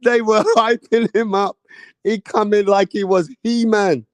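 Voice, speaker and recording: Slow-talking excitable man. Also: high-pitched, no echo. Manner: excitable, laughing, slangy. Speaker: boxing commentary vlogger. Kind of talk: casual reaction commentary.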